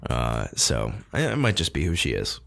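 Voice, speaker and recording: Man, podcast co-host, low voice, lively swings in pitch, casual film chat, frequent laughs. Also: normal speed, gravelly. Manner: laughs often, swears casually.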